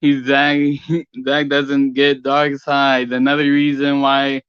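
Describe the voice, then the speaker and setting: A man's voice: medium pitch, monotone, takes it slowly, a bit bright, smooth, no echo. A man joining a livestream as a guest over a video call, giving short, laid-back replies. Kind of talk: casual livestream chat. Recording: dull lo-fi call audio.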